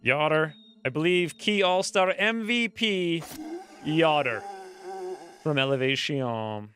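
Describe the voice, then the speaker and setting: A man streaming a strategy game, talking excitedly over the play and crying out when his fighters get hit. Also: on the high side, slow, slight background noise. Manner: animated, yelps and cries out at hits. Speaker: gameplay streamer. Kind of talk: excited gameplay commentary.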